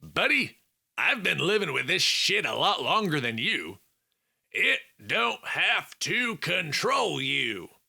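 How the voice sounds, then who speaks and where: A man voicing a southern man with a Southern US accent, soothing and folksy as he calms a friend. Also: on the high side, slow pace, gravelly, breathy edge, voice pushed up, heavily acted. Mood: reassuring.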